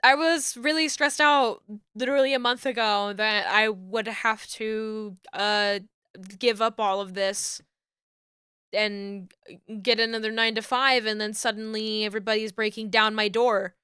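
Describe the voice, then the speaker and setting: A woman's voice: on the high side, fairly even intonation, unhurried, bright, forceful tone, clean tone, no room sound, studio quality. A young woman streamer chatting casually and rambling while she works, laughing often. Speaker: streamer and VTuber rigging artist.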